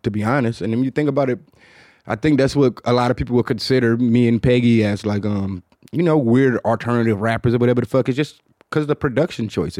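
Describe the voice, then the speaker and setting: A podcast host from Detroit, United States, chats casually in a low, mumbled, hard-to-follow way, rambling loosely with plenty of fillers and swearing. His voice is a little mellow, and the recording is dry and studio-quality.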